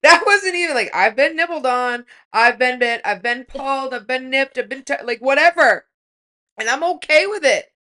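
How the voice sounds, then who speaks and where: A middle-aged woman chatting on a podcast in a bright, fairly high voice. She tells her stories bluntly and swears freely, often breaking into laughter. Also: animated, normal speed. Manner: blunt, profane, laughing storyteller. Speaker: podcast guest. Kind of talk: casual chat.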